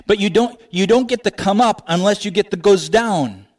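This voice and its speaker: A man preaching a sermon, animated, laughing often and asking rhetorical questions. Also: high-pitched, moderate pace. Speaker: pastor.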